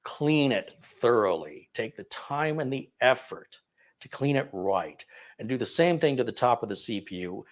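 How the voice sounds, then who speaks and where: A man hosts a casual live computer Q&A, answering viewer questions one by one. He is chatty and digressive and keeps amusing himself along the way. His voice sits at an ordinary middle pitch. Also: animated, normal speed. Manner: chatty and digressive, self-amused. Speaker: tech channel host answering viewer questions.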